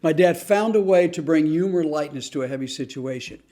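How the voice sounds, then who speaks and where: A man speaks in a slightly high voice, with earnest, deliberate phrasing. He tells a true family story in a storytelling talk. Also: dark tone. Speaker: host.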